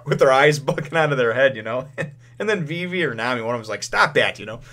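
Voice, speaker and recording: A man's voice: medium pitch, expressive, quick pace, a bit bright. A man giving a casual spoken review of a manga chapter. He rambles, chuckles often and leans on lots of fillers as he retells the plot.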